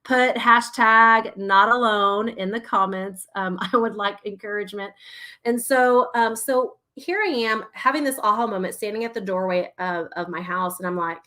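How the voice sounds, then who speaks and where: A woman's voice: mid-range voice, steady tone, normal speed, sharp tone. A woman in her thirties, a play therapist, talking casually and animatedly to her viewers, often laughing. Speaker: registered play therapist and parenting host. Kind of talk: casual talk to a live audience.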